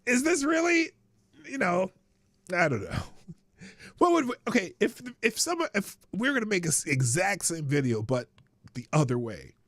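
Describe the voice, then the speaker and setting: A man's voice: high voice, sing-song, normal speed, fairly bright tone, no echo, clean studio sound. A man hosting a live stream, chatting casually and rambling, with frequent laughs and restarts. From United States. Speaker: livestream show host.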